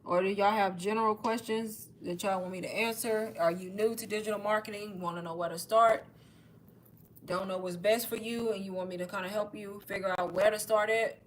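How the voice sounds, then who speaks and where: A woman's voice: mid-range voice, steady tone, a little fast, slight background noise. A young woman hosting a casual livestream, chatty and persuasive, a bit out of breath and saying "y'all" all the time. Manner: chatty, says "y'all" constantly. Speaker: online course seller hosting a livestream. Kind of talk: casual livestream sales pitch.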